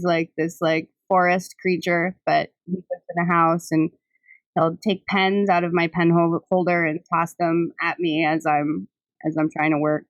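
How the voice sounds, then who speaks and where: A young woman in easy podcast chat, talking in a slightly low voice and laughing often. Her speech is full of casual fillers, and the recording is dry and close with no room sound. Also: no echo. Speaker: podcast host.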